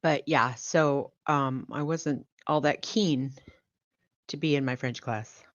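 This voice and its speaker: A woman guest in a casual chat, telling rambling stories slowly. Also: a bass voice, no echo, dull audio. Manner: slow, rambling storyteller.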